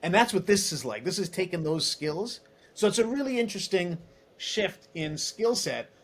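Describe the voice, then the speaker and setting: A man in his forties talks as a podcast guest, his voice sitting a little high for a man. He tells stories animatedly, full of asides and restarts, and slips into other voices to act out conversations. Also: expressive, normal speed. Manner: chatty, many restarts and asides. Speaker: guest, tech executive. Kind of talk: casual interview storytelling.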